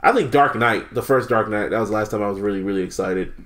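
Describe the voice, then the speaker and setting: A man hosting a podcast in casual chat, animated, laughing often and swearing freely. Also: lowish voice, fast talker. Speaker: podcast host.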